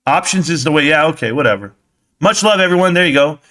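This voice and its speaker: A man's voice: on the high side, animated, fast talker, sharp tone. Heated man ranting on a live stream. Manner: heated, combative, talks back to chat. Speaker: stock market live streamer.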